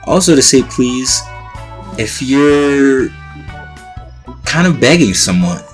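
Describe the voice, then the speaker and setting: A man teaching everyday classroom phrases in a relaxed, patient way, as a language lesson host. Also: mid-range voice, slow, soft background music. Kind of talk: explaining vocabulary for a language lesson.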